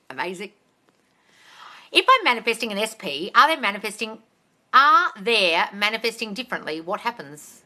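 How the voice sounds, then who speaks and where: Bright-voiced woman, blunt and sweary. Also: a little high, very animated, fast. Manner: blunt and swears freely, calls viewers darling, reads comments aloud. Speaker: manifestation coach answering live questions. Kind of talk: casual live-stream Q&A. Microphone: phone or webcam on a live stream.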